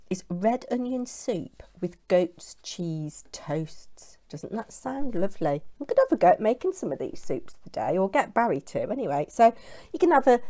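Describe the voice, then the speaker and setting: British woman, casual vlog host, chirpy and chatty, very animated pitch. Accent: British English. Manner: chatty, bubbly, talking while eating. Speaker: craft channel host. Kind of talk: casual chat to camera.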